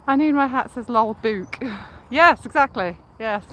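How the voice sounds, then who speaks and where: A young woman from Leicestershire, England, with a toned-down local accent, livestreams while walking a riverside cycle path. Her voice is on the high side, expressive and slow, and she enunciates carefully and giggles. The audio is poor, with loud wind and traffic noise.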